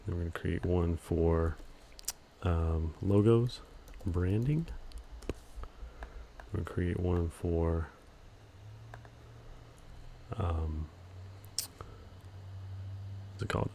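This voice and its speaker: A man with a very low voice walks through a software tutorial in an even monotone. He fills pauses with ums and keeps a relaxed, steady delivery as he explains each click. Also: slight background noise. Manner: calls his own voice monotone, relaxed, many ums. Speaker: video editing instructor. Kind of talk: screen-recorded software tutorial.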